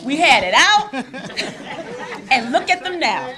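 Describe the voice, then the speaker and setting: High-voiced woman judge, slow. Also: big pitch swings, a loud crowd. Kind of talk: ceremony remarks. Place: courtroom. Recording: noisy courtroom.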